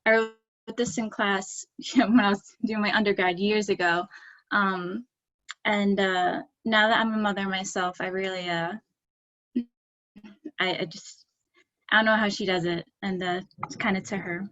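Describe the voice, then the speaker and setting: A woman from Staten Island reading her poems at a live online poetry event, halting and full of fillers between pieces. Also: medium pitch, fairly even intonation, fairly bright tone, dull audio. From Staten Island, New York. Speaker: poet reading her work. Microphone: video call.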